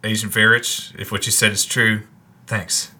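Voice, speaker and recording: A man's voice: lowish voice, flat delivery, normal speed, sharp tone, husky, exaggerated voice. A man voicing a blunt young male shapeshifter who swears freely, in a tabletop game. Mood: earnest.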